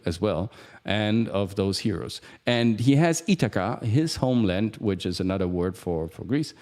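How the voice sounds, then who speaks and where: Animated lower-voiced man retelling a myth. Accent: Italian. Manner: animated, theatrical storytelling with frequent "right?". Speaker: acting coach and show host. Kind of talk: casual live-stream chat retelling a myth.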